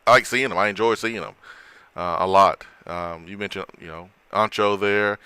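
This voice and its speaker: A man's voice: fairly low pitch, fairly even intonation, normal speed, sharp tone, clear, resonant tone, no room sound. A man hosting a casual sports talk show, chatting with a co-host, often repeating and restarting his words.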